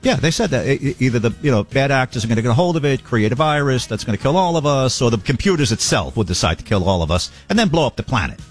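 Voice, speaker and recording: A man's voice: medium pitch, big pitch swings, fast talker, few pauses, faint music behind. A man hosting a talk show, riffing jokingly on the news with laughs. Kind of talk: comedic commentary.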